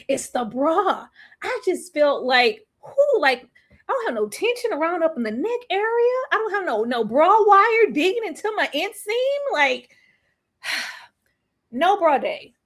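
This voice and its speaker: A young woman chats casually to her live audience, laughing often and drawing out her phrases. Her voice sits high and swings widely in pitch, bouncing up with every joke. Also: sing-song, takes it slowly, a bit bright. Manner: chatty, laughs often, drawls phrases, slips into playful quoted voices. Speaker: TV recap vlogger.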